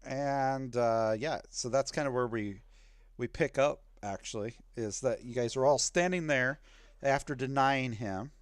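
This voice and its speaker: A man acting as game master, narrating a tabletop game in an unhurried way with plenty of fillers. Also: mid-range voice, smooth, no echo, studio quality.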